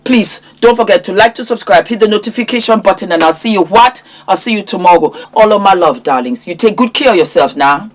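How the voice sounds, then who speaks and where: A woman's voice: mid-range voice, animated, brisk, few pauses. A middle-aged woman, giving impassioned, preachy commentary as a vlogger and scolding a man directly. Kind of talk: impassioned social media commentary.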